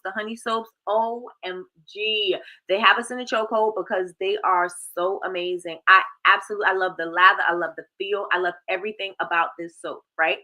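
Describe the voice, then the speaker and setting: A woman hosting a casual live stream, warmly greeting viewers by name with lively, sing-song shout-outs. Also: mid-range voice, low-quality recording. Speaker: livestream host.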